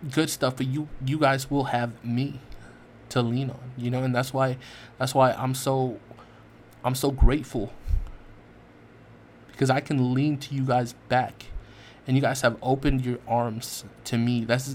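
A man speaks into his podcast mic in a voice of ordinary middle pitch, earnest and raw, stumbling over his words and swearing as he goes. A faint hiss of noise sits under his voice. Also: level tone, measured pace. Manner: earnest, repetitive restarts, heavy swearing. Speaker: podcast host. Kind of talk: heartfelt personal monologue.

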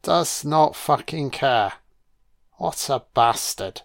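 A man's voice: mid-range voice, animated, slow pace, vocal fry. A man giving casual film commentary, blunt and full of swearing. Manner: blunt and profane, with frequent swearing.

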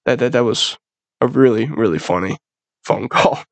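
A man's voice: mid-range voice, animated, moderate pace, dry recording. A young man hosting a podcast, telling a rambling, profanity-laced story in a loose, casual monologue. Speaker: podcast host.

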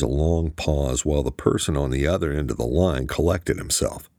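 A man narrating an audiobook in a steady storytelling manner. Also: a bass voice, moderate pace, few pauses, dry recording, studio quality. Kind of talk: scripted narration.

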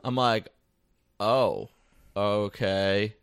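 A young man co-hosting a casual podcast chat, telling stories with animated delivery and bursts of disbelief. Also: lowish voice, very slow, clear, resonant tone, no room sound, studio quality. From New York area. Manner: animated storytelling, breaks into shouts of disbelief. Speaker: podcast co-host.

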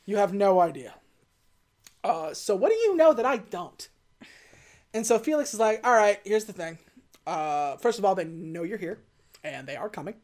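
A woman's voice: medium pitch, moderate pace, pauses often. A woman casually recapping a movie on a podcast, quoting the characters and laughing as she talks. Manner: animated retelling, quotes characters, laughs while talking. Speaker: podcast co-host recapping a film. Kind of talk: casual chat.

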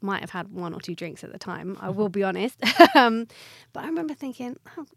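A young woman from southern England hosts a relaxed podcast chat. She talks in an animated, giggly way, and her voice sounds dry and close to the mic. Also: medium pitch, fairly quick, creaky, dry recording. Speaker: podcast host. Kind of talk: casual chat.

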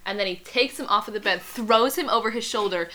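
Bright-voiced young woman recapping a story. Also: medium pitch, a little fast. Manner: laughing, acts out quotes. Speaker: podcast co-host. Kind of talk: casual chat, recapping a story.

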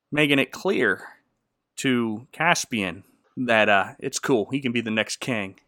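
A man's voice: medium pitch, measured pace, bright, forceful tone, no echo, studio quality. A man giving a jokey, slangy recap of a movie plot, laughing often. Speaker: podcast host.

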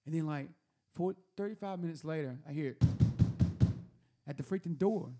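A man telling a long story at a table in casual chat, animated and laughing often, repeating words as he goes. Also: fairly high pitch, normal speed, over loud music. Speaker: podcast host telling a story. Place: room at a table.

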